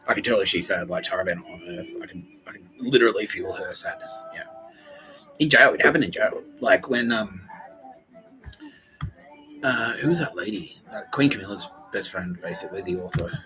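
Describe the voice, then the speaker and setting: Low-voiced rambling man, music behind. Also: lively intonation, moderate pace, poor audio. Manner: rambling, meandering, heavy on fillers. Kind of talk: casual podcast chat.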